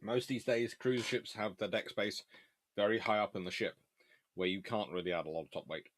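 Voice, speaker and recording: A man with a lowish voice runs a relaxed live Q&A, reading out viewer questions and answering them in an easy, offhand way. He talks while eating between remarks. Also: normal speed. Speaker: host and naval historian. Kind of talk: casual live Q&A chat.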